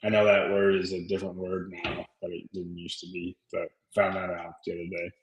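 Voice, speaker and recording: A man's voice: sits low, flat delivery, a little fast, reverberant, poor audio. A man co-hosting a podcast, chatting casually and rambling with lots of filler words. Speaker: podcast co-host. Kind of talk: casual chat.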